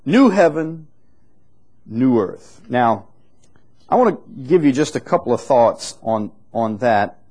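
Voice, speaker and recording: A man preaching a sermon in an unhurried, conversational teaching manner, growing louder and higher when he reads scripture aloud. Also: sing-song. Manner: rises in pitch and volume when reading scripture aloud.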